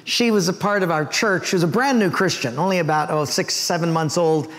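A male pastor with a high voice preaches fairly quickly, the big-room sound of the church sanctuary around him. He animates his sermon with humorous stories, acting out their voices.

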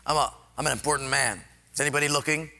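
A preacher voicing a proud army general, muttering and grumbling at first, then praying low and humbly. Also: male voice, fast, creaky, sharp tone, slight background noise, full character voice.

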